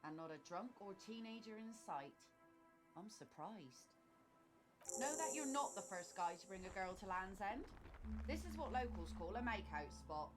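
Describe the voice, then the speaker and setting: A woman's voice: medium pitch, big pitch swings, moderate pace, lightly acted. An actress voicing a wry, guarded young woman in a video game, speaking dryly and firmly, heard as distant game audio. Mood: dry teasing. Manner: dry, teasing, firm. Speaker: game character. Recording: game audio played from afar under music.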